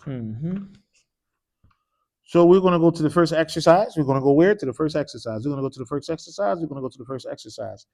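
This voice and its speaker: A man's voice: fairly high pitch, lively intonation, quick pace, creaky, dark tone. A man teaching an Arabic class. He drills students call-and-response style, mixing English with short Arabic phrases and quizzing the class with repeated "what?" prompts. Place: mosque classroom.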